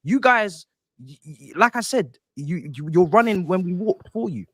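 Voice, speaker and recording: Animated man ranting in mock outrage. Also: sits high, normal speed, husky, dry recording, clean studio sound. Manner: theatrical mock-indignant ranting. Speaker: panelist. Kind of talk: football fan banter.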